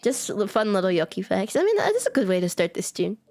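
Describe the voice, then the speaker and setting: A woman's voice: medium pitch, very animated, fast, a little mellow, dry recording. A chatty American woman streaming and talking casually to her viewers, giggling easily and filling her lines with "like". Her voice sits in a middle range, and faint music plays underneath. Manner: giggly, chatty, says like a lot. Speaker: VTuber streamer. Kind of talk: casual chat with live chat.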